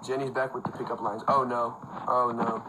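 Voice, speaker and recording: A young man hosts a casual livestream on his phone from home, where a fan runs and background noise is audible. His medium-pitched voice moves little in pitch at a moderate pace, and his loose talk is packed with fillers and frequent laughs.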